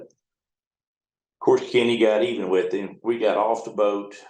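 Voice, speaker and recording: Middle-aged man, riverboat captain, low voice, blunt and profane, rambling anecdotes, echoey room. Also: a little mellow. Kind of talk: casual storytelling in an interview.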